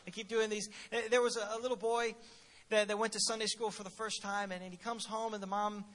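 A man preaching a sermon, telling stories in an animated, humorous way and often repeating words at the start of his phrases. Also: sits high, fairly quick. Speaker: pastor.

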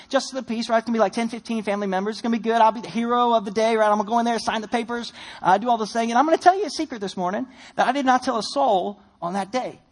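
A young man preaching a sermon, telling a personal story in an animated, self-deprecating way. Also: very high-pitched. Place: church sanctuary.

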